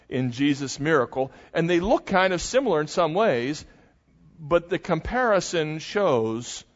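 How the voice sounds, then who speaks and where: An older male pastor preaches, retelling a story with animated, dramatic energy. His voice sits a little high for a man. The sound is muffled and rings with a long church reverb. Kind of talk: sermon. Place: church sanctuary.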